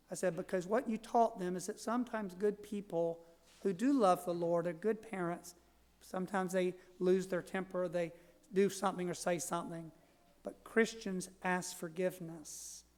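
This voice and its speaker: Priest at the pulpit, measured storytelling homily, long church reverb. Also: male voice, high-pitched. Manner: slow, measured delivery with frequent restarts and storytelling asides. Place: large church.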